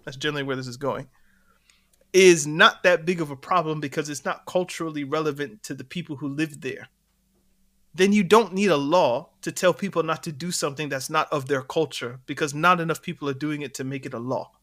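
Bright-voiced man telling a story. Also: a little high, fairly quick. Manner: animated storytelling, laughs between points. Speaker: podcast co-host. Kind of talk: casual chat.

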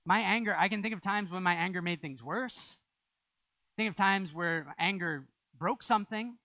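A man's voice: high-pitched, normal speed, pushed and bright, no room sound, dull audio. A man preaching a sermon as pastor, in a conversational style with rising emphasis.

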